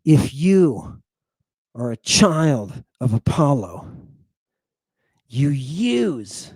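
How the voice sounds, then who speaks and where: A man's voice: on the high side, sing-song, extremely slow, a little mellow, husky, no room sound. A man hosting a lecture-style show, emphatic and playful, who keeps checking in with the listener. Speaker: host.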